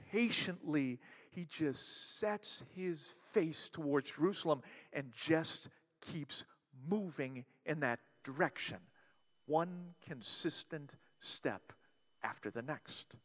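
A male pastor preaching a sermon, emphatic and animated, slowing down dramatically on key words. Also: a little high, long reverb tail.

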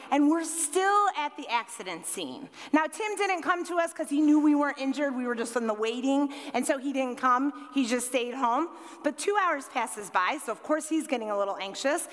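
A woman in her forties telling a personal story to a live audience, lively and acting out voices in quotes, with frequent ums. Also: high voice. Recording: echoey hall with long reverb.

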